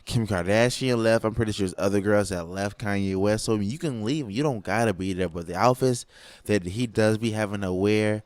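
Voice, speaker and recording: Low, smooth-voiced joking podcast man. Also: fairly quick, dry recording. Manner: joking, rambling with many fillers. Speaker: podcast co-host. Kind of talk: casual chat.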